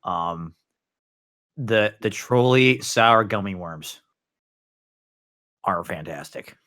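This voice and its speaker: A man's voice: fairly low pitch, lively intonation, fairly bright tone. A young man hosting a podcast, chatting casually and joking playfully. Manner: playful, quick to joke and tease. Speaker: podcast host.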